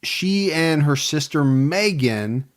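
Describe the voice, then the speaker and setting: Male co-host, slightly higher voice, easygoing, reads listener names with banter. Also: expressive. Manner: chatty, reads names with quick asides. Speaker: podcast host. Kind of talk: casual chat.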